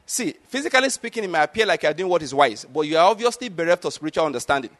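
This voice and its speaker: A man's voice: fairly high pitch, very animated, rapid-fire, a bit bright. A middle-aged man preaching a sermon, emphatic and often checking that his listeners follow. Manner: emphatic, repeatedly asks the congregation if they follow. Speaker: pastor.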